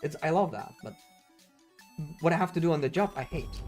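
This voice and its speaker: A man's voice: on the high side, lively intonation, brisk, darkish tone, soft background music. A man, rambling and ranting in casual chat while streaming a game, full of fillers. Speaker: speedrunner streamer.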